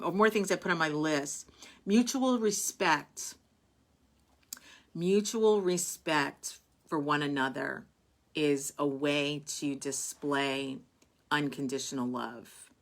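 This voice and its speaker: A low-voiced woman hosts a live online show, chatting casually and reading viewer comments. She is warm and heartfelt but rambling, full of fillers and restarts, and tearful at moments.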